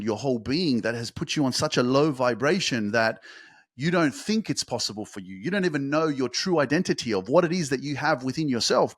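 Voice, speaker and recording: A man's voice: medium pitch, a bit bright, no echo, studio quality. Fervent, swearing motivational podcast man. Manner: fervent and emphatic, swears for emphasis, builds to fast intense peaks. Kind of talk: motivational monologue.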